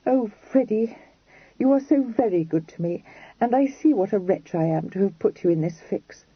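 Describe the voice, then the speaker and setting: A man's voice: sits high, expressive, normal speed, husky, no echo, pitched above the performer's own voice, full character voice. A man putting on a pleading young Regency lady. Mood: earnest. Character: earnest young Regency lady, impulsive and anxious. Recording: dry, dull lo-fi recording.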